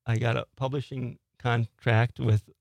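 A man in his sixties, a ghost tour guide, telling stories quietly in a studio interview and laughing often. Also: mid-range voice, little pitch movement, measured pace, creaky, dry recording. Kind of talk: casual interview storytelling. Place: radio studio.

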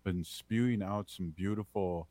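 Deep voice guy hosting a radio show, joking around, easygoing chat. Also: unhurried, warm tone. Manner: playful, chatty, jokey. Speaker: radio host.

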